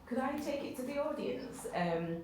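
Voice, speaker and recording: A woman moderating a panel discussion, calmly putting questions to the audience and the speakers. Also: fairly high pitch, moderate pace. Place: indoor room with an audience. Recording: echoey room, distant, noisy.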